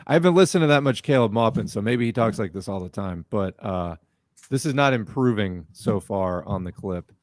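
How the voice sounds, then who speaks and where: A man's voice: fairly low pitch, expressive, normal speed, darkish tone, no echo. Man, political commentary, blunt, exasperated, swears, dry close sound. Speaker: video commentator.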